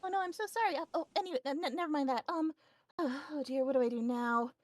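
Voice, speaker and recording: Flustered, polite young rabbit woman for a tabletop game, voiced by a woman, higher-pitched, stammers. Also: fast talker, dry recording, lightly acted. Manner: nervous, stammering, apologetic.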